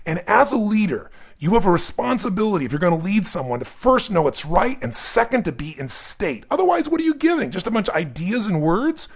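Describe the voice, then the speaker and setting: A man in his fifties, a motivational coach giving an emphatic, energetic seminar talk. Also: high voice.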